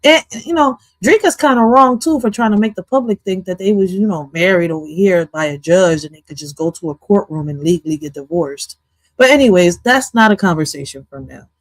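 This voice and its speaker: A woman hosting a livestream, reacting to an interview clip in loud, profane, jumpy casual commentary that swings between jokes and asides. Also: on the low side, lively intonation, a little fast, no room sound, low-quality recording.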